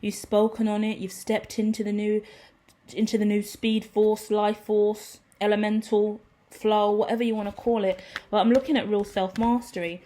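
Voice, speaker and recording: A woman giving a casual, rambling tarot reading to her viewers, excitable, swearing freely and laughing at herself. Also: medium pitch, moderate pace. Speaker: tarot reader.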